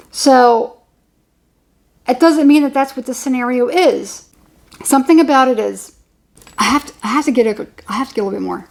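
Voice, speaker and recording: High-voiced chatty woman giving a tarot reading. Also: moderate pace, creaky, long pauses, darkish tone. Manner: chatty, rambling, repeats herself, laughs often. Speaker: tarot reader. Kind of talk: casual tarot reading monologue.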